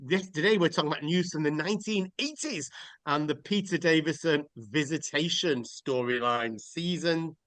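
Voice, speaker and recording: A man's voice: on the high side, normal speed, fairly bright tone, dry recording. Dry-sounding joking male podcast host. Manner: joking, rambling, swears freely. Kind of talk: casual chat.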